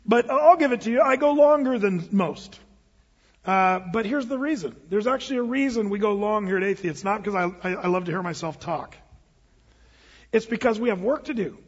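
A man's voice: high-pitched, fairly quick, husky, long reverb tail, highs cut off. A man from the United States preaching a sermon as a pastor, conversational and emphatic. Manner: conversational, emphatic, with quoted asides. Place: church sanctuary.

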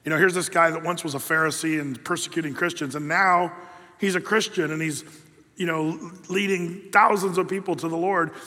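Bright high-voiced preacher in a reverberant hall. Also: male voice, a little fast. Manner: chatty, folksy, animated storytelling. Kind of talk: conversational sermon with storytelling.

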